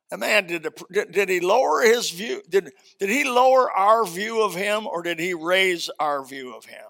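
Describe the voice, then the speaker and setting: A man preaching a sermon as pastor, animated and folksy, swinging from loud emphasis to quiet asides. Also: high voice, moderate pace, vocal fry, few pauses.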